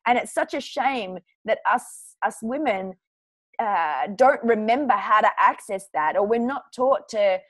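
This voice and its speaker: A woman's voice: on the high side, lively intonation, measured pace, no echo. A woman hosting a podcast, talking casually and searching for words with fillers like "um" and "like". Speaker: podcast host. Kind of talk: podcast interview conversation.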